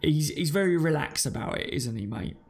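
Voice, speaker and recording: A man's voice: a little high, animated, brisk, vocal fry. A man hosting a live fan stream, chatting casually, reading out viewer comments and calling people mate and buddy. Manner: chatty and matey, calls listeners mate and buddy.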